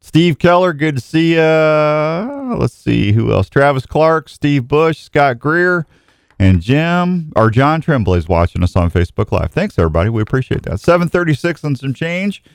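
A man's voice: fairly high pitch, big pitch swings, moderate pace, clear, resonant tone, no room sound, clean studio sound. A man from Saint Louis hosting a casual morning radio show, chatty and rambling with many restarts. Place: radio studio.

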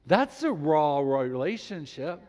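A man preaching a sermon as a pastor, reading scripture aloud with emphasis and animated delivery. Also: a little high, takes it slowly. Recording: long reverb in a large hall.

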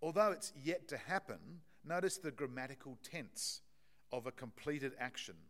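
A man delivers a sermon in a relaxed, conversational manner, on emphasis and repeating himself as he works through the text. His voice sits in an ordinary middle register, and his delivery is full of small restarts and fillers. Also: mid-range voice, moderate pace. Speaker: preacher.

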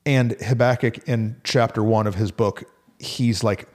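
A man, a pastor, co-hosting a casual faith podcast in a relaxed, conversational way. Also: fairly low pitch, a little slow. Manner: relaxed and conversational, slips into animated quoted voices.

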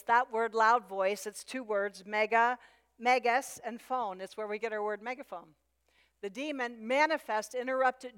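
A woman's voice: on the high side, clean tone. Emphatic woman preaching in a hall. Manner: emphatic, repeats key phrases. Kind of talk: sermon. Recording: long hall reverb.

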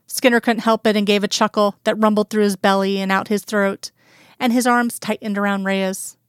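A woman narrating a romance story aloud in a calm, even storytelling manner. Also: mid-range voice, moderate pace, clean tone, dry recording, studio quality. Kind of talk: reading romantic fan fiction aloud.

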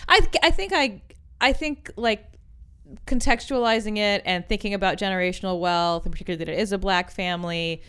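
A woman co-hosting a podcast in casual chat, quick to joke. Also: medium pitch, fairly bright tone, clean tone. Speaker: podcast co-host.

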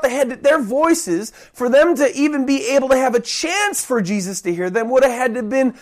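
A preacher giving a sermon, talking conversationally and acting out loud, desperate cries for help. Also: high voice, lively intonation, moderate pace, hardly any pauses. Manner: dramatic, acts out the cries of those he preaches about; conversational, rambling restarts.

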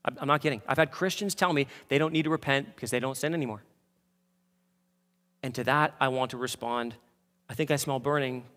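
A man preaching a sermon as pastor, moving from quiet asides to fervent, impassioned peaks. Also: medium pitch, brisk, in a large hall. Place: church sanctuary.

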